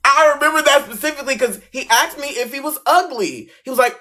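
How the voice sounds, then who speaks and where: A man's voice: very high-pitched, animated, fast talker, hardly any pauses, pushed and bright. A young man casually telling a story from his childhood and acting out the voices of the people in it.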